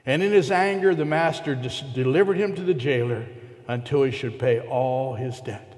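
A man's voice: mid-range voice, moderate pace, a little mellow. A man preaching a sermon to a congregation, retelling a parable and putting rhetorical questions to his listeners. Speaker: pastor. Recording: long hall reverb.

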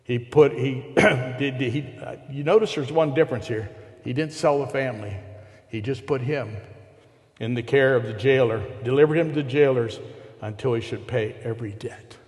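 A man's voice: medium pitch, moderate pace, darkish tone. Man preaching in a reverberant hall. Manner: conversational preaching with rhetorical questions. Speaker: pastor. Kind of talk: sermon.

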